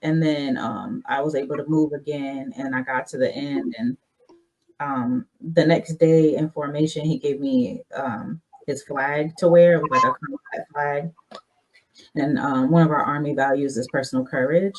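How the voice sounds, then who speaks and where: A woman's voice: low-pitched, moderate pace, darkish tone, rough recording. Woman telling an army story on a podcast. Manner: candid, loosely structured storytelling. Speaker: podcast guest, army veteran.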